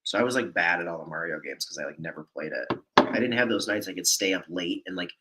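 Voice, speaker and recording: A man's voice: deep voice, lively intonation, fast, heavy background noise. A man co-hosting a casual livestream, rambling and chatting easily from an indoor apartment. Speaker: livestream co-host.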